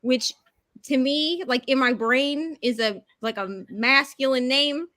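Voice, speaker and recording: A woman with a bright, somewhat high voice chats on a video call with friends. She talks in a lively storytelling way and acts out what she was thinking. The sound is that of a home video call. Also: slow pace. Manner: chatty storyteller, acts out her own reactions. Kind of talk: casual group video chat.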